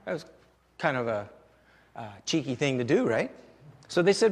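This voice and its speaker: Guy pastor w a high voice, chatty sermon, lots of questions to the crowd, big echoey hall. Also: big pitch swings, brisk. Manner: conversational, rhetorical questions to the congregation.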